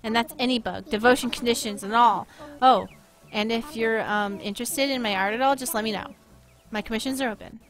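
Woman reading out earnest female artist villager, bug-obsessed, slightly high voice, soft unhurried reading, faint game music. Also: fairly even intonation, close to an everyday voice. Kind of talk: reading game text aloud.

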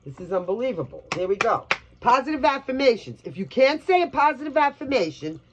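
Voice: mid-range voice, very animated, fairly quick, dull audio, noisy background. A tarot reader from Brooklyn giving a casual reading, blunt and chatty, swearing freely. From New York, Brooklyn.

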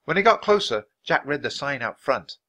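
A man reading a children's chapter book aloud at a natural pace for language learners, expressive and clear. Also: medium pitch, normal speed. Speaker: storybook reader.

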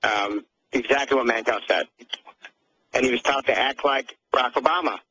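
Hesitant producer with a bright voice. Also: male voice, mid-range voice, moderate pace, husky. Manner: hesitant, many fillers. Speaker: radio producer. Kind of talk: on-air witness account. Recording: dull lo-fi line with faint noise.

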